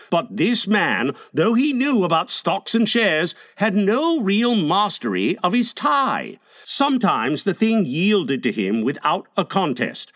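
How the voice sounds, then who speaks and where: A man narrating a classic novel as an audiobook, telling the story expressively with lively emphasis. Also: on the high side, no echo, studio quality.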